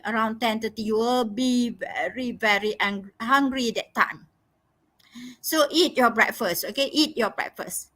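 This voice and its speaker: A woman's voice: sits high, bright, forceful tone. A woman tutoring a live online lesson, emphatic and instructive, repeating key phrases and checking in with "okay?". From Malaysia. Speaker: English tutor.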